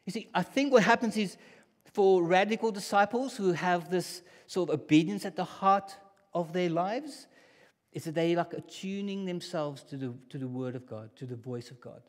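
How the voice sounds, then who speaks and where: A man's voice: sits high, moderate pace. Conversational preacher man in a reverberant hall. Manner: conversational, swings from hushed to loud. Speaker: pastor. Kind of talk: sermon. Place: church hall.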